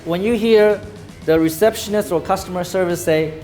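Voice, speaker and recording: Guy running a sales class, high-ish voice, punchy, acts out bossy calls. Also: moderate pace, dark tone, faint music behind. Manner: emphatic, acts out phone calls in a commanding tone. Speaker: sales trainer. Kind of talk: lecture to a live class.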